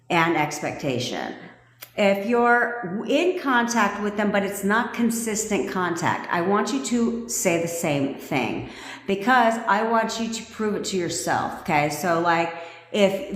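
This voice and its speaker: A foul-mouthed woman coaching an audience on a live stream, bossy and blunt, with a loose, joking way of talking. Her voice sits at an ordinary pitch for a woman. The room around her rings, with a long reverb trailing after each phrase. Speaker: manifestation coach.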